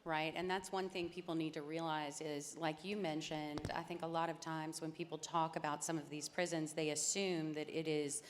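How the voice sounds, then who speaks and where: A woman lawyer speaking on a panel in a measured, explanatory way. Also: sits low, level tone, a little hiss or hum. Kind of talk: panel discussion. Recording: reverberant conference hall.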